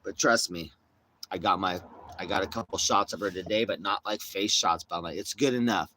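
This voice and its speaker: A man's voice: low-pitched, fairly even intonation, brisk, bright, forceful tone, a little hiss or hum. A man chatting casually to his viewers, telling rambling, profane stories full of slang. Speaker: streamer.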